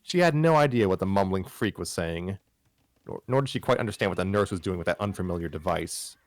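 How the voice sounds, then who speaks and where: A man with a very low voice reads a fan story aloud on a live stream. He trips over words, restarts lines and drops wry asides. The sound is dry, with no room around it. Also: lively intonation, fairly quick, no echo. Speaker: host reading a fan story.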